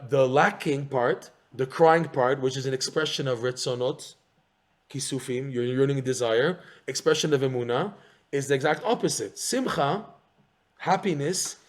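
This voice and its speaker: A man giving an animated Torah class, repeating phrases and firing rhetorical questions. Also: a little high. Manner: excitable, rhetorical questions, repeats phrases, mixes in Hebrew terms. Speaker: Torah teacher.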